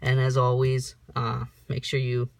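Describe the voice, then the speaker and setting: A young man giving casual unboxing commentary, reading off cards in a slow list broken by sudden high whoops, recorded on a camera mic in a room at home. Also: monotone, gravelly, no room sound. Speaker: card-opening vlogger.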